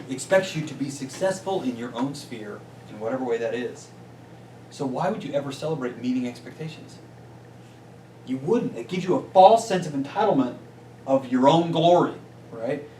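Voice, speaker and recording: Brief: upbeat male business coach, mid-pitched, pitching a small meeting room, picked up from across an echoey space with faint hiss. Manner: energetic, peppers points with "right?". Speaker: business coach and guest speaker. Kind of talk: motivational talk to a small group. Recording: roomy distant sound with faint noise.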